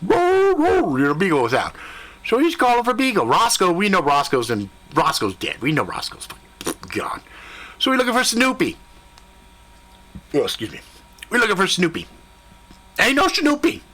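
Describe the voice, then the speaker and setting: Animated, bright-voiced male storyteller. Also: high-pitched, moderate pace, long pauses. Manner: animated, profane, jumps into voices and sound effects. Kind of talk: comedic spoken storytelling.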